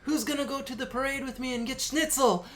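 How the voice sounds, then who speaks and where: A woman's voice: high-pitched, fast, a bit bright, voice pushed up. A man putting on a feisty old aunt, lilting accent. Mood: cheery. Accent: attempted German, slipping into Irish. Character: older German great-aunt, bossy and feisty.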